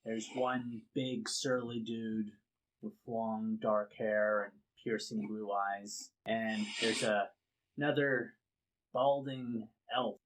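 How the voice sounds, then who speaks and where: On the low side, a man acts as game master for a tabletop game, describing the scene in an easygoing, halting way with plenty of fillers.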